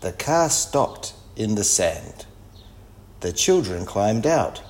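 Reader: low-voiced man, slow and lilting, reading to children. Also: big pitch swings, darkish tone. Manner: slow, sing-song, clearly paced. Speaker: storybook reader. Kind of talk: children's story read-aloud.

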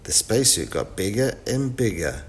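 A man reading a children's storybook aloud in a clear, expressive way. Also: lowish voice, normal speed, a little hiss or hum.

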